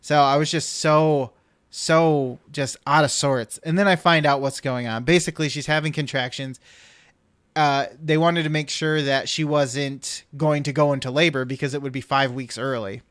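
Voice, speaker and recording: A man with a slightly high, fairly bright voice speaks at normal speed with fairly even intonation, recorded in studio quality with no echo. As a podcast host he tells a long, wandering anecdote in easygoing chat and acts out what others said.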